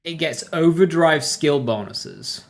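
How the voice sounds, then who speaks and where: A man's voice: fairly high pitch, animated, takes it slowly. A man streaming a game, thinking aloud about his build and greeting his chat viewers by name. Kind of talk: casual live-stream commentary.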